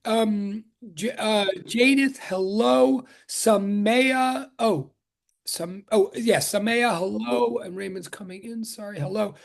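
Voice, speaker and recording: A man's voice: high voice, slow pace, vocal fry. A man teaching a physics class on a video call, chatting and greeting students one by one with many restarts before the lesson. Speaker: physics professor. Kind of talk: casual online class greeting.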